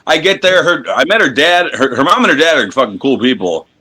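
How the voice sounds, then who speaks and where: A man from the United States, a professional wrestler, telling profane, animated stories in a casual interview and acting out crowd chants. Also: on the high side, fairly quick, breathy edge.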